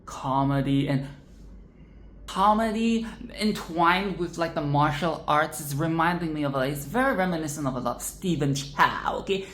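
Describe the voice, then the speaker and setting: A woman's voice: low-pitched, expressive, normal speed, a bit bright, reverberant, a little hiss or hum. A young woman casually reviewing a film, emphatic and profane, often tagging "okay?".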